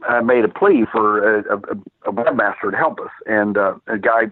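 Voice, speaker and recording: An older man, once a cop and now a private investigator, phones in as a guest to tell casual stories. He rambles, full of fillers and restarts, in a lowish voice at normal speed over a tinny, dry telephone line.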